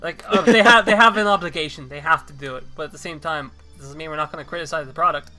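A man's voice: a little high, fast, music in the background. A man hosting a casual podcast chat, rambling with fillers and laughing often. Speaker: podcast host.

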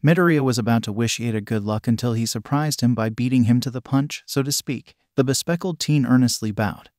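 A man giving a steady scripted narration of a fan fiction story. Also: medium pitch, brisk, no room sound, studio quality.

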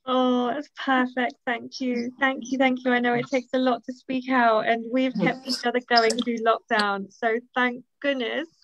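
A woman's voice: fairly high pitch, flat delivery, moderate pace, hardly any pauses, muffled recording, noisy background. A woman hosting her own book launch on a video call, thanking a friend and reading aloud from her book in a gushing, grateful manner. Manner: gushing and grateful, laughs easily.

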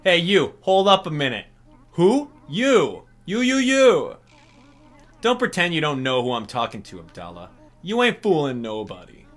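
A man voicing a cranky, sarcastic male mole from a video game, reading its lines aloud in a loud, nagging voice. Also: a little high, huge pitch swings, measured pace, pitched above the performer's own voice, full character voice. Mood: scolding.

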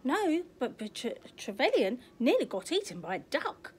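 A woman voicing an excitable young boy otter in a children's storybook, full of exclamations. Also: sits high, moderate pace, husky, pitched above the performer's own voice, exaggerated voice. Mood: chatty.

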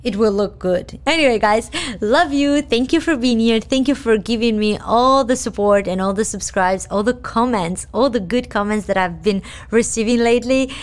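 Woman let's-play host, excitable, slightly high pitch. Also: normal speed, few pauses. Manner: excitable, gasping and laughing. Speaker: gaming channel host.

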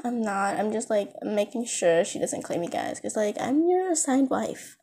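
A woman's voice: mid-range voice, sing-song, normal speed, dark tone, husky. A woman voicing a rude, snobby young noblewoman rival in a homemade fan story, with a sneering, bossy manner. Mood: defensive.

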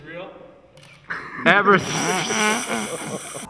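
A man's voice: sits high, lively intonation, moderate pace, long reverb tail, a crowd in the background. A man directing actors on a film set, barking profane, mock-dramatic instructions. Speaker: music video director.

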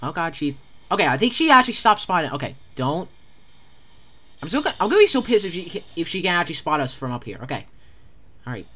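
A gamer giving casual commentary while playing a horror game, stammering and panicking, repeating words in rapid bursts. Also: medium pitch, big pitch swings, fairly bright tone.

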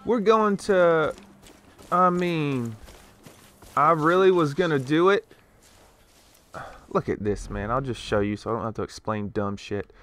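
A man's voice: a little high, expressive, a little slow, fairly bright tone. A young man giving casual gameplay commentary, ranting and sarcastic, with frequent swearing.

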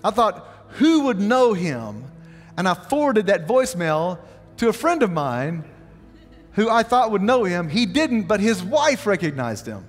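A man's voice: high voice, unhurried, big-room sound, faint music behind. A man preaching a sermon as pastor, telling a story and asking the congregation questions. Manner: animated storytelling, asks the audience questions. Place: church sanctuary.

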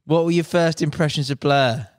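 A man hosting a podcast, asking relaxed questions and giving short reactions. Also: fairly high pitch, moderate pace, dry recording, clean studio sound. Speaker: podcast host. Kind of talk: casual interview chat.

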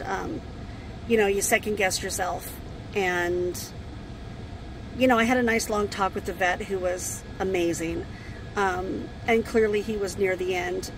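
Grieving woman with a gravelly voice. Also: mid-range voice, background noise. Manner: halting, with many pauses and fillers. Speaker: RV vlogger. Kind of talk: casual talk to camera. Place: inside an RV.

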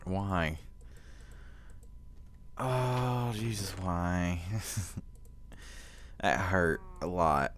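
A teenage boy with a very deep voice talks slowly through a casual gaming commentary. He has the hiccups, and he groans and complains as he plays. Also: fairly bright tone. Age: teens. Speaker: gaming channel host.

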